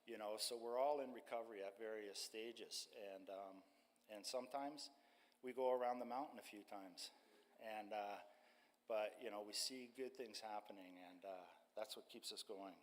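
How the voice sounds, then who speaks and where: A retired man in his sixties, a street ministry worker, telling his personal testimony to a church congregation in a halting way, with many fillers. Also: lowish voice. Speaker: street ministry staff member. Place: church sanctuary. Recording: long church-hall reverb.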